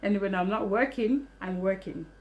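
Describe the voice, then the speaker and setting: Young woman vlogger, rapid animated storytelling, salty language, casual. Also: mid-range voice. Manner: fast, animated storytelling, swears freely.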